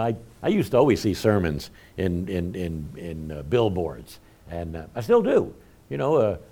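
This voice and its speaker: A man's voice: mid-range voice, a little mellow. A middle-aged man preaching a conversational sermon in a folksy, self-deprecating way, chuckling often. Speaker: pastor.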